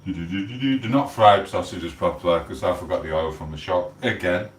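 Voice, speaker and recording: A man's voice: low voice, moderate pace. An English man rambling casually on a live stream while he cooks in his home kitchen. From England. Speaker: livestreamer. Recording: echoey room, mic at a distance, faint hum.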